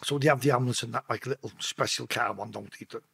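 On a podcast, a male guest tells an emotional story in casual chat, speaking bluntly and swearing freely. His mid-range voice is gravelly, a bit bright and breathy, and he talks at a quick pace.

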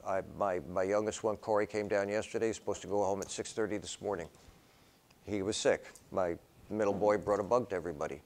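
A man's voice: lowish voice, steady tone, brisk, darkish tone. An older man, a professor giving a conversational classroom lecture that wanders into personal stories and acted-out dialogue. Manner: acts out dialogue in quoted voices. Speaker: philosophy professor.

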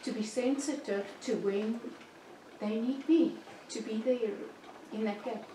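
Woman in her sixties, earnest, measured, church group, echoey room, far from mic. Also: a little high, mellow, a little hiss or hum. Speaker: Bible study participant.

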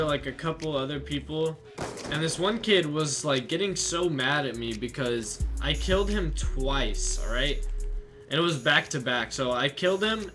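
A young man telling a gaming story as a channel host, rambling casually with lots of fillers. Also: a little high. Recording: music playing behind.

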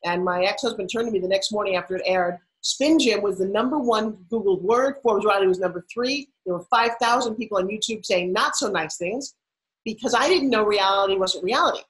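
A woman's voice: mid-range voice, a little fast, rough recording. A middle-aged woman from New York, a podcast guest telling her life story with punchy emphasis. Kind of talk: storytelling interview.

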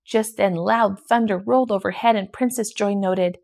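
A woman reading a children's picture book aloud in a steady, gentle storytelling manner. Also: medium pitch, moderate pace, creaky, few pauses. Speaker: storybook reader.

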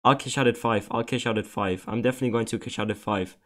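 A man's voice: on the low side, steady tone, fast, fairly bright tone. Agitated young man, swearing gameplay commentary. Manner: agitated, swearing, pleading repetitively. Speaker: gaming streamer. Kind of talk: casual commentary over gameplay.

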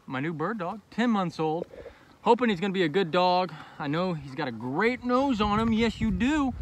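A man vlogging outdoors in a relaxed, chatty way, his pitch rising and falling a lot as he talks. Steady outdoor noise sits clearly behind his voice, caught on a handheld camera mic. He keeps things easygoing, with plenty of fillers. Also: normal speed. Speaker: hunting channel host. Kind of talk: casual outdoor vlog talk. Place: outdoors in a field by water.

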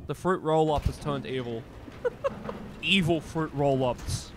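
A young man streaming a game, joking, swearing and shouting excitedly as he plays. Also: on the high side, a little slow. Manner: loud, excitable, swears a lot, jokey. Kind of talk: gaming commentary.

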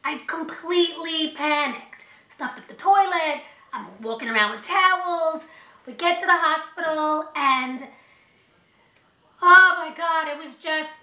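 A woman in her thirties telling her own story in an animated, rambling way, often restarting her sentences. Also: sits high. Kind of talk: personal storytelling to camera. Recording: echoey room.

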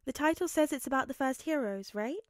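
A woman plays a gentle young man who speaks softly and sweetly, pitched a touch higher. It is a fanfic audiobook reading with a dry, close sound. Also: animated, brisk, no echo.

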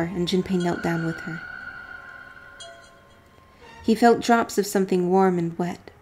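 A woman with a somewhat low voice reads a visual novel's narration aloud for a let's play. She breaks off with dry, offhand remarks between the dramatic passages. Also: darkish tone.

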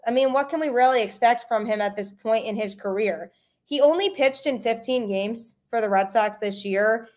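A young woman hosts a sports podcast in a casual, opinionated way. Her voice sits a little high, and she drops in sarcastic asides as she talks. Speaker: podcast host.

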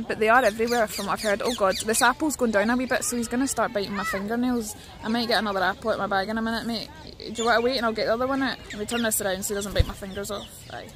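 A young Scottish woman with a high voice chats excitedly to birds and her viewers while she walks through a park. She streams on a handheld phone, so there is clear noise behind her voice outdoors. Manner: chatty and excitable, talking to birds and chat. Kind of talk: casual outdoor stream chat.

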